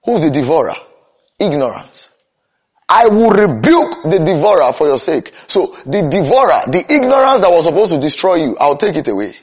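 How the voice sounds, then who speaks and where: A man's voice: a little high, very animated, husky. A young man preaching with fervour, his voice rising and falling widely and sitting a little above the usual male range. He drags out his emphatic lines, then races through the rest. The recording is dull and lo-fi. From Nigeria. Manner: impassioned, swings between slow emphatic cries and rapid runs. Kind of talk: sermon.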